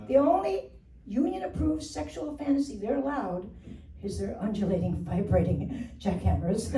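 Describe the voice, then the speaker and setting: A woman's voice: sits high, darkish tone, echoey room, recorded from a distance, a little hiss or hum. Rambling older woman doing stand-up. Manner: rambling, self-deprecating, laughing at her own jokes. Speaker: stand-up comedian. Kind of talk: stand-up comedy routine. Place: stage before a live audience.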